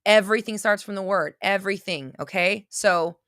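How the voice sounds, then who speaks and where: A woman hosting an unscripted livestream, talking straight to her viewers in a blunt, intense way. She drives points home by repeating them. Her voice sits at a middle pitch and is recorded dry and close. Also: moderate pace, a bit bright, no echo. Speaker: livestream host answering viewer questions.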